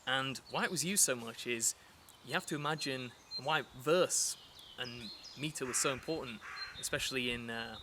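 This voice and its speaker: Outdoors, with birds and rural sounds clearly audible, a man gives a casual poetry lesson in a chatty style full of fillers and restarts. His voice sits in the mid range, moving at normal speed with few pauses, and there's background noise.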